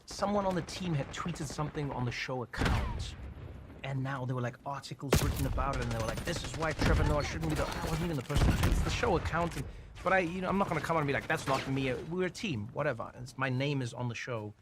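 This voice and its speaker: A man in an interview, telling an animated story and acting out the dialogue he quotes. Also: mid-range voice, quick pace, heavy background noise. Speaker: guest. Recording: loud gunfire game audio underneath. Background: loud video game gunfire.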